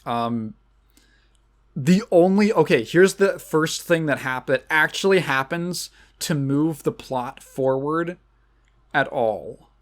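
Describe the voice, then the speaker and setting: A man's voice: a little high, animated, slow. A man hosting a podcast, ranting casually about a movie in a rambling, sarcastic way, with frequent restarts and self-corrections. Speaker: podcast host.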